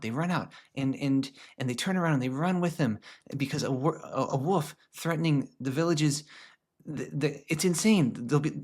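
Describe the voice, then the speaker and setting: Man telling a teaching story. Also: medium pitch. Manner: conversational, many restarts, drops to a hush at times. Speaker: presenter. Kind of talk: storytelling lesson.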